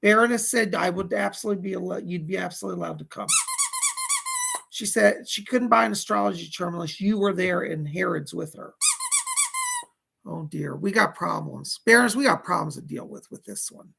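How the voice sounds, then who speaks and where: A man's voice: sits high, fairly quick, vocal fry, bright, forceful tone, slight background noise. A man hosting a casual psychic livestream, chatty and fussy, greeting viewers and scolding a pet companion.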